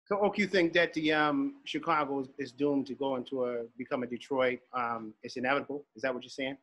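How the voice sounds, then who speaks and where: A man's voice: medium pitch, fairly even intonation, brisk, fairly bright tone. A male podcast host who asks earnest, hesitant questions with many ums. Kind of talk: interview questions and praise.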